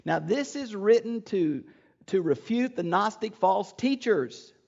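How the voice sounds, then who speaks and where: An older man teaching a Bible lecture in an earnest, emphatic way, his voice gravelly and pitched a little high. The recording sounds dull and lo-fi. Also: animated, unhurried, a little mellow.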